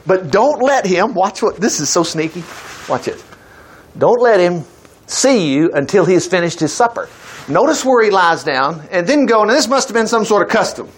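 A man reading a scripture story aloud to a group, stopping often to comment with enthusiastic asides and exclamations. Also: high voice. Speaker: Bible teacher.

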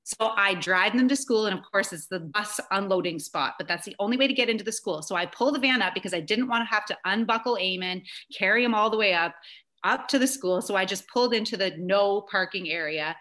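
A woman in her thirties, a podcast guest chatting casually and telling stories in a lively way, with lots of "like" and the odd swear word. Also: medium pitch, a little fast. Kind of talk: casual chat and animated storytelling.

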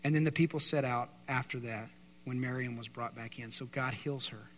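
A man preaching a sermon in a church, swinging between loud emphatic stretches and hushed quiet passages. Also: medium pitch, fairly even intonation, normal speed, a little hiss or hum. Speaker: pastor. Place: church sanctuary. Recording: reverberant hall.

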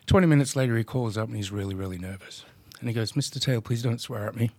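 Animated man telling stories. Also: mid-range voice, fast talker, dry recording. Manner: animated storyteller acting out quoted dialogue; salty, swears freely. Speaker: podcast guest, drone business owner. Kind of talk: casual storytelling chat.

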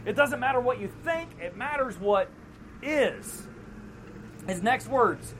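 A pastor preaches in a relaxed, conversational way and slips into quoted voices from the story. The voice sits at a middling pitch, with a faint hum of noise behind it. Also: slow pace, long pauses, poor audio. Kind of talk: sermon.

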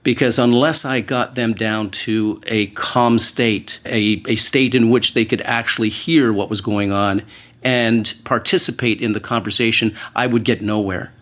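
A man who was once a hostage negotiator, speaking as a panel guest in an earnest, measured way and slowing down to stress key words. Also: fairly low pitch, fairly even intonation, a bit bright. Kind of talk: panel discussion.

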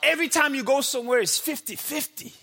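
A man from the United States preaching a sermon in church with impassioned shouting and rhetorical questions. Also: very high voice, fast talker, creaky. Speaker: pastor. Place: church before a congregation.

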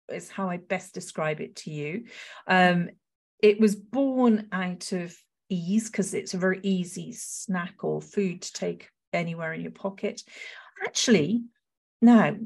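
A woman's voice: lowish voice, vocal fry, a little mellow. A woman from Wales with a Welsh accent, co-hosting a casual food podcast in a chatty, lilting way. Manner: chatty, lilting, laughs easily. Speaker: podcast co-host. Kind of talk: casual chat.

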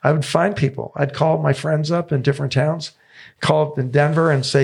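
A man's voice: mid-range voice, brisk, creaky, darkish tone, husky. A man in his seventies, a tennis coach telling stories as a podcast guest, enthusiastic and repeating phrases for emphasis. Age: 70s.

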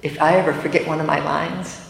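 A woman's voice: deep voice, steady tone, fast talker, gravelly. An older woman giving an earnest, emotional testimony to a gathering of women, with self-deprecating asides. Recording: echoey hall with faint room noise.

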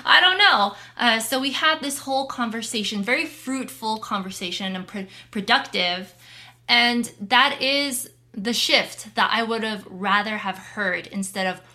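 A woman's voice: a little high, unhurried, pushed and bright. A young adult woman co-hosting a podcast, candid and open in casual chat. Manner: open, candid, laughs between thoughts. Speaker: podcast co-host.

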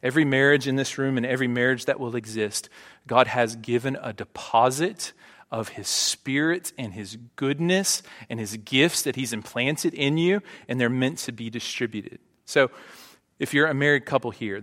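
The sermon comes from a male pastor whose medium-pitched voice is a bit bright. He talks conversationally to the congregation, tossing in "right?" again and again, while the sanctuary adds a long hall reverb.

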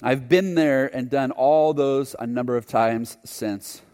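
A man's voice: mid-range voice, measured pace, darkish tone. A male preacher telling a personal story in a sermon, earnest and reflective. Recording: long hall reverb.

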